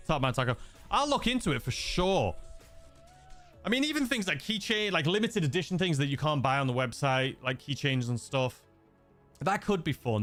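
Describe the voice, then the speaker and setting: A young Englishman with a mixed accent leaning slightly Scouse hosts a gaming livestream, casually reading viewer messages. He rambles with many fillers and restarts, in a medium-pitched, fairly bright voice.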